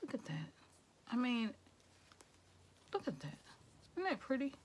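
A woman opening gifts in a casual vlog, excitable and chatty, talking straight to her viewers and slipping into whispers now and then. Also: medium pitch, unhurried, long pauses, a little hiss or hum. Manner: excitable, addresses viewers as "y'all", slips into whispers.

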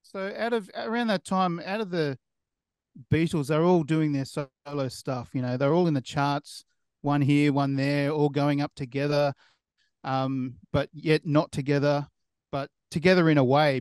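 A man's voice: a little high, fairly even intonation, moderate pace, a little mellow, clean tone, dry recording, studio quality. A man hosting a podcast who asks long, meandering questions full of fillers and restarts. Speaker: podcast host. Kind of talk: casual interview questions.

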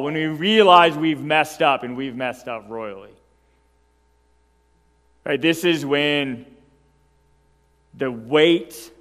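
A man preaching a sermon as pastor, emphatic and animated, who keeps checking in with the congregation by asking "right?". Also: fairly high pitch, slow, pauses often, in a large hall. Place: church sanctuary.

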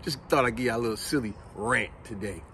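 A man's voice: medium pitch, fast talker, slight background noise. A man in his forties telling a funny story as a casual rant to his viewers, acting out what people said and laughing at himself. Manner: lively, acts out quotes, laughs at himself.

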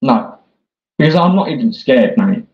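A man delivering a mocking parody rant in a sarcastic, taunting way, swinging between whiny and gruff. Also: medium pitch, sing-song, normal speed. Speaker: online troll. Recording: echoey dull lo-fi room.

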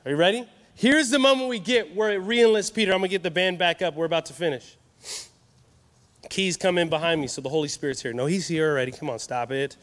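Male youth preacher, high-pitched and animated, live in a reverberant hall. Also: fast. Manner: animated, joking with the crowd. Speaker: youth conference speaker. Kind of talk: energetic sermon.

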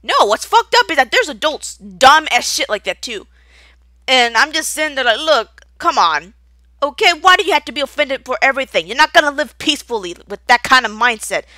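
Angry young woman, bright and dry. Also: high voice, no echo. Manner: angry, profane, rambling with stutters and restarts. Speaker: video creator. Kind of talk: unscripted rant to camera.

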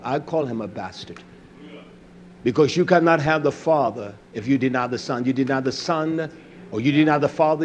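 A man preaching a sermon, fiery, dropping to low mutters and rising to shouted lines. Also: a little hiss or hum.

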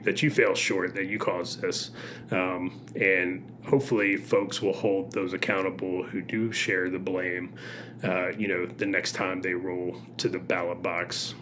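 Earnest, halting man, deep voice. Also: flat delivery, a bit bright, a little hiss or hum. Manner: earnest, halting, many fillers and restarts. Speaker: podcast co-host. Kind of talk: earnest podcast commentary.

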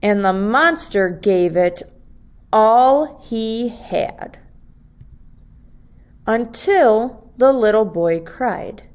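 A woman teacher reading a picture book aloud to second graders in a slow, expressive storytelling voice. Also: a little high, clear, resonant tone.

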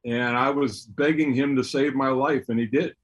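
A man's voice: medium pitch, steady tone, normal speed, low-quality recording. A middle-aged man, a former basketball player, talking candidly and with self-deprecation about his recovery. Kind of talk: casual conversation.

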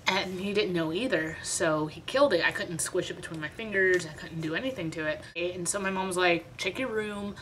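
A woman's voice: fairly low pitch, fairly quick, hardly any pauses, a bit bright, slight background noise, poor audio. A young woman vlogger telling a story in a chatty, dramatic, self-mocking way. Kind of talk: casual storytime vlog.

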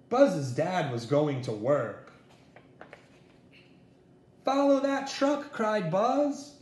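A man reads a children's picture book aloud with slow, deliberate pacing. His fairly high voice rises and falls in a lively, expressive way. The sound bounces around an echoey room. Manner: slow, expressive storybook reading. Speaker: storyteller.

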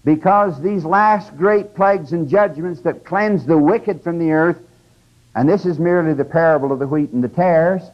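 A man's voice: a little high, normal speed. A man giving a conversational, emphatic scripture lecture to a class, often checking in with his listeners. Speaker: religious lecturer. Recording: dull lo-fi 1980s lecture tape.

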